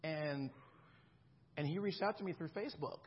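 A man's voice: on the high side, normal speed, slightly rough, muffled recording. A man in his thirties preaching a sermon in a conversational way, often checking in with the congregation. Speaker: pastor.

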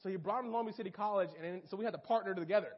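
A young man giving a casual storytelling sermon to a church group, animated and full of fillers. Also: sits high, rapid-fire. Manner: animated and casual, lots of fillers and acted-out quotes. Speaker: campus minister speaking to a church group. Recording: dull lo-fi recording.

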